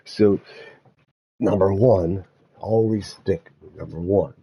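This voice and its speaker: A man musing aloud in a meandering spiritual monologue, halting often and restarting his thoughts. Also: low voice, gravelly, husky, highs cut off.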